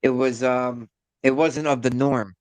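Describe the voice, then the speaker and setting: A podcast co-host in casual chat, blunt and salty, piling up quick affirmations. His voice is mid-pitched. The recording is dry and close. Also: fairly even intonation, darkish tone, dry recording. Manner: blunt, profane, repetitive affirmations.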